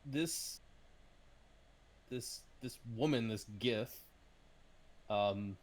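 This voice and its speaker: A man's voice: medium pitch, very slow. A man narrating as game master of a tabletop game, hesitant, with many ums and uhs.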